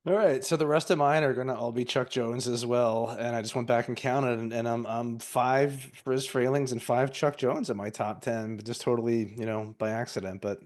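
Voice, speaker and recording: Measured man in casual chat. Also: mid-range voice, fairly even intonation, a little mellow. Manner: measured, with umms. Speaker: co-host.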